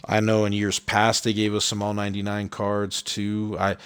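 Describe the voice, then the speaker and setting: A man casually commenting on his own gameplay as a streamer, rambling and relaxed, with many ums and uhs. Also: fairly low pitch, normal speed, clean tone.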